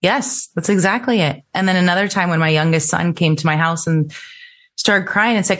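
A woman's voice: sits low, fairly quick, fairly bright tone. A middle-aged woman, an interview guest, telling her personal story earnestly and lifting her voice when she quotes people.

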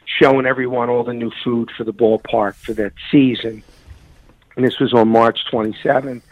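A man's voice: mid-range voice, dry recording. Grieving man on muffled radio. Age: middle-aged. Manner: halting, repeating phrases, choked with grief. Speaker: guest. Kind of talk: emotional storytelling on a radio talk show.

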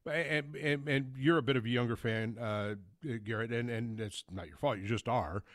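A man's voice: mid-range voice, normal speed, fairly bright tone, dry recording. Guy hosting sports call-in radio, mid voice, rambles and restarts, laughs a bit, dry studio mic. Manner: rambling, stop-start, chuckling asides.

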